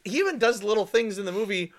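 A man's voice: high-pitched, lively intonation, fast talker. A man co-hosting a film podcast, talking casually and enthusiastically, rambling and swearing freely. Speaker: podcast co-host. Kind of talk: casual chat.

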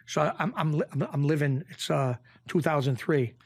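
A middle-aged man from Springfield, Massachusetts, telling stories as a podcast guest in a rambling, animated way with frequent restarts. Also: on the high side, normal speed, breathy edge, dry recording, clean studio sound. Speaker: podcast guest, former mob bookie. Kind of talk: casual storytelling interview.

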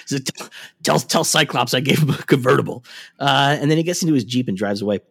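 A man's voice: medium pitch, fast talker, gravelly, a bit bright, husky. A man in casual chat recapping a cartoon episode, swearing freely and acting out the characters' lines. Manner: swears freely, laughs often, acts out lines. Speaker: podcast co-host.

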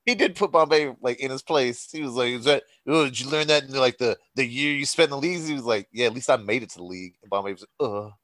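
A man's voice: medium pitch, fast, hardly any pauses, fairly bright tone, dry recording. A young man chatting casually about a movie, making wry, dismissive remarks and swearing now and then. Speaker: podcast co-host. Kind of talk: casual chat.

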